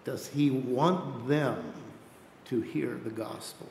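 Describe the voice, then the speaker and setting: A man's voice: slow, vocal fry, a little mellow. A man preaching a missionary sermon in an earnest way, often repeating words as he builds a point. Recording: echoey hall with faint rumble.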